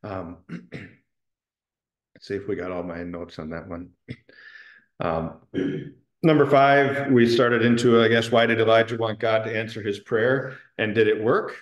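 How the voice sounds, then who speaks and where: A man's voice: fairly low pitch, measured pace, muffled recording. A man leading an adult Bible study class in a church room, talking conversationally, asking questions and using frequent ums. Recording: roomy echoing room.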